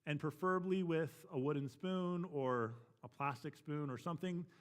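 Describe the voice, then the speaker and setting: A man's voice: a little high, moderate pace, clean tone. A man teaching a church parenting class, talking frankly and matter-of-factly, often checking in with "right?".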